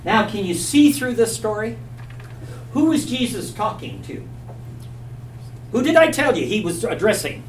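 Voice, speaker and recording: A man's voice: sits high, sing-song, measured pace, pauses often. A man teaching a Bible class, telling a story with animation and quizzing his listeners. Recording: echoey, from a distance, faint hum.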